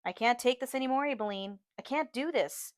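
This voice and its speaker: A woman's voice: on the high side, fairly quick, dry recording, clean studio sound, pitched above the performer's own voice, lightly acted. A woman reading an audiobook, voicing a distraught grown woman who pleads in panic and then turns fierce. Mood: pleading.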